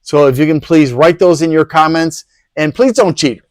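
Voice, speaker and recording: A slightly high male voice at a moderate pace, recorded without echo. The PC hardware channel host gives a laid-back product review, drifting into sarcastic asides as he goes.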